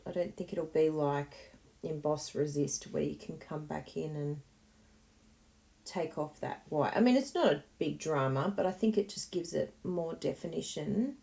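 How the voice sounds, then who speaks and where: A woman's voice: sits low, a little slow, gravelly, mellow. A woman hosting a card-making tutorial, chatting encouragingly and thinking aloud as she works. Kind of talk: casual tutorial talk while crafting.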